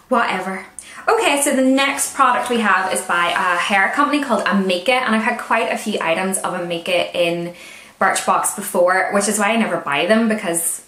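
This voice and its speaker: A woman's voice: mid-range voice, fairly bright tone. A woman with a Northern Irish accent, chatting casually as she reviews beauty products with wry asides. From Northern Ireland. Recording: roomy echo.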